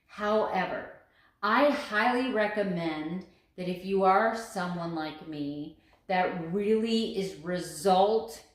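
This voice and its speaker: A woman's voice: medium pitch, slow pace, reverberant. A woman talking to camera in a casual daily vlog, earnest and emphatic, stressing her points by repeating phrases. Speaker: vlogger.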